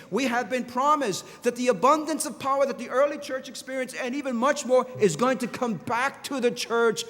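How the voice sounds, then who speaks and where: A man's voice: very high voice, fairly bright tone. A male pastor preaching a passionate sermon with repeated phrases and restarts. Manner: impassioned preaching with repetitions and restarts. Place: large church hall. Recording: long church hall reverb.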